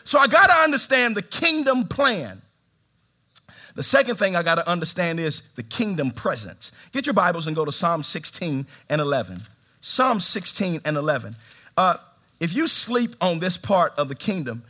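Animated high-voiced male preacher. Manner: animated preaching, swings from shouts to hushed tones; humorous, calls on the congregation. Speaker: pastor. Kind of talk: sermon. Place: church sanctuary.

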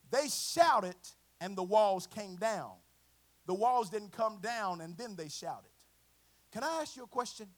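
A man preaching a sermon, swinging from a quiet storytelling voice to chanted, shouted climaxes. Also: sits high. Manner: chanting, shouted climaxes with congregational call and response; drops to a quiet conversational storytelling voice.

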